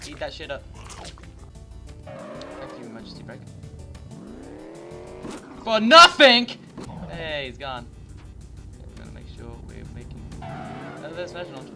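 A man giving profane, excitable commentary while playing a game, with sudden yelled outbursts. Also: mid-range voice, a little slow, gravelly, long pauses. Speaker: gaming YouTuber. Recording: game music behind voice.

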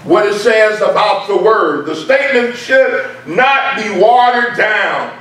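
A man's voice: high voice, expressive, takes it slowly, a bit bright. A man preaching a sermon, emphatic and repeating key points for stress, heard in a church. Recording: very echoey room, mic far off.

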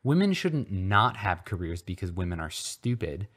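A man's voice: deep voice, very animated, normal speed, a bit bright, full character voice. A man voicing a naive, earnest schoolboy who is new to his faith. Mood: indignant. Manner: earnest, innocent, indignant at times.

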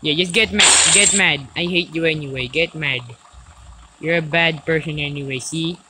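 A woman doing casual let's-play commentary, excitable, yelling and swearing at the game. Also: low-pitched, normal speed, very noisy. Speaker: gaming video host.

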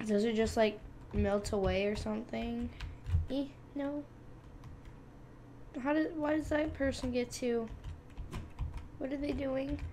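Playful high-voiced woman gaming host. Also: steady tone, takes it slowly, long pauses, dark tone, slight background noise. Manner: chatty, playful, talks to viewers while clicking. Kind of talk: casual gameplay commentary.

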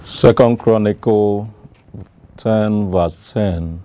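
A Nigerian clergyman reading scripture and explaining it slowly and deliberately, with some hesitations, in a Bible study. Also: fairly low pitch, lively intonation, dark tone, no echo, dull audio. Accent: Nigerian English. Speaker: Anglican clergyman. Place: television studio.

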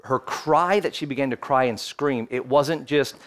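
A man's voice: medium pitch, moderate pace. A man in his thirties preaching a sermon as pastor, telling a personal story and building to fervent exhortation. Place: church, streamed online.

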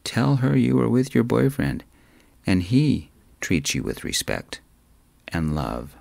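A man voicing a gentle, adventurous young man in a spoken story, talking softly and kindly. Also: mid-range voice, big pitch swings, slow, vocal fry, dry recording, pitched above the performer's own voice, full character voice. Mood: whispering.

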